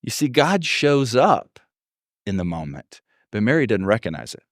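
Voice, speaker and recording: A Texas pastor preaches a sermon in a lowish, very animated voice at normal speed, captured in a dry, studio-quality recording. He tells stories and acts out the voices of the people he quotes.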